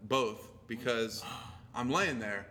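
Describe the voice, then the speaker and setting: A man telling animated stories in a casual chat, swearing often and laughing as he talks, with faint noise in the background. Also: medium pitch, slow. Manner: profane, animated storytelling.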